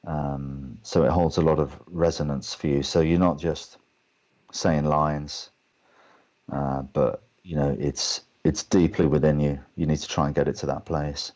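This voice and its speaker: An English man, a guest actor, telling lively anecdotes on a video call and acting out the other people in his stories. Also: very deep voice, a little slow, lo-fi sound. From England. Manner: animated anecdotes, acts out other people's lines. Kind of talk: storytelling in a webcast Q&A.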